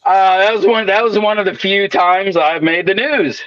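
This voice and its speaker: A man's voice: high voice, normal speed, a bit bright, no room sound, highs cut off. A man telling rowdy work stories in casual, profane chat, swearing constantly. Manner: swaggering storyteller, swears constantly. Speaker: welder co-host.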